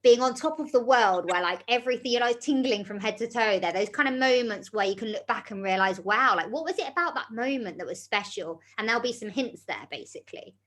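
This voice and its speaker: A woman's voice: a little high, lively intonation, fairly quick, few pauses, fairly bright tone. Chatty encouraging woman coach. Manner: chatty, encouraging, many fillers. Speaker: wellbeing group coach. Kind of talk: leading an online group session.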